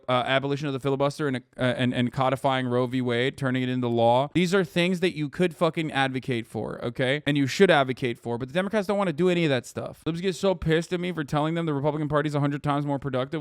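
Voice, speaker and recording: A man in his thirties rants on his live stream, swearing freely and firing off political commentary. His voice is smooth and clear, sitting a little high for a man, and he flares into loud bursts of anger. It sounds dry and close to the mic. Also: dry recording. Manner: profane, ranting, shouts in bursts of anger. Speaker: livestream host.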